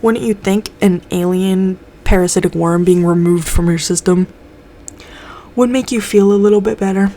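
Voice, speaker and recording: With a warm, mid-range voice at a moderate pace, a young woman recaps a TV episode casually. She's loose and swears a lot, performing the characters' lines as she goes.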